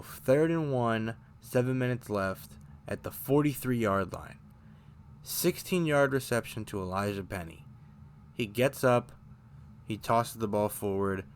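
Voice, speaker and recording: With a lowish voice over a little hiss or hum, a man hosts a casual fan recap of a football game. He rambles and corrects himself along the way, gets worked up over bad plays, and chokes up, coughing briefly.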